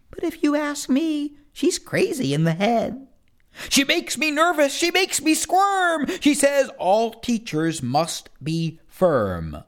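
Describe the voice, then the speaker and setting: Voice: high-pitched, huge pitch swings, slow. A reader performing rhyming children's poems in a first-person kid's voice, with a playful sing-song delivery.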